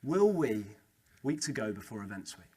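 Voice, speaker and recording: A young man giving a lively, conversational talk to a student Christian group, repeating key phrases for emphasis. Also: mid-range voice, normal speed, husky. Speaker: speaker at a student Christian Union meeting. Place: student meeting room.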